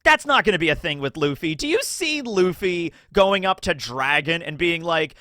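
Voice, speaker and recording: A man's voice: high-pitched, normal speed, few pauses, dry recording, clean studio sound. A man hosting anime theory commentary in a casual, rambling way, full of fillers and acted-out bits of dialogue. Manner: rambling, filler-heavy, acts out characters in animated bursts.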